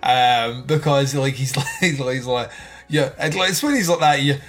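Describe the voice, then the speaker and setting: A man's voice: mid-range voice, normal speed. A man co-hosting a casual film podcast, rambling with lots of fillers and swearing, often laughing. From outside the United States. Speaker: podcast co-host. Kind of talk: casual film review chat.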